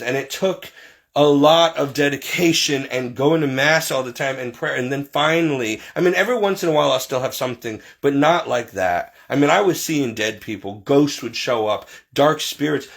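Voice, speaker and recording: A man telling personal stories in a casual, rambling way, acting out other people's lines with lively quotes. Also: mid-range voice, normal speed, vocal fry. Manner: rambling, animated quoting of others. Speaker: storyteller recounting paranormal childhood. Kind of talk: casual storytelling.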